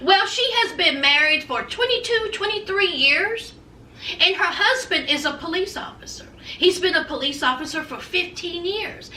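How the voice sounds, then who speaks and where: A woman's voice: very high voice, expressive, pushed and bright, reverberant, far from the mic. A woman hosting a gossip commentary vlog, sassy and dramatic, calling people "honey" as she talks. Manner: sassy, drawn-out, says "honey" often. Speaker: host.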